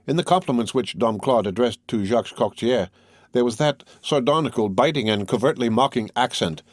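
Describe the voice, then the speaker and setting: A man reading a classic novel aloud as scripted narration, in a measured and even manner. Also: medium pitch, dry recording, studio quality. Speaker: audiobook reader.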